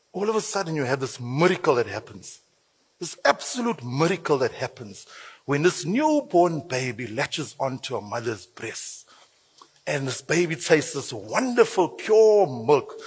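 A man preaches in a church hall, his voice a little husky as it rings out with a long reverb. He talks in a lively, joking way and throws in playful asides. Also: on the high side. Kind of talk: sermon with church announcements.

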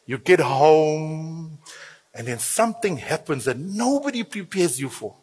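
A man preaches in a church hall, his voice a little husky as it rings out with a long reverb. He talks in a lively, joking way and throws in playful asides. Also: fairly high pitch, unhurried. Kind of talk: sermon with church announcements.

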